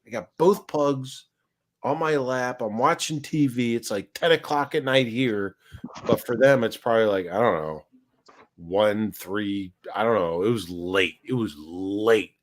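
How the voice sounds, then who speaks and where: A man's voice: on the low side, a little slow. A man telling a rambling, profane anecdote on a casual live stream. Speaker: livestream host.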